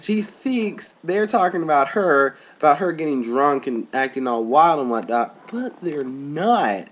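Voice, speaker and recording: A young man in a rambling, filler-heavy casual webcam vlog, recorded at home, jumping his voice up high for quoted people. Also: sing-song, moderate pace, hardly any pauses. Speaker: vlogger. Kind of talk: casual chat.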